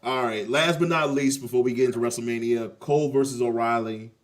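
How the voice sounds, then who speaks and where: A man co-hosting a casual wrestling talk show, relaxed, steering the conversation between topics. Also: mid-range voice, fairly quick. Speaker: podcast co-host. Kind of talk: casual chat.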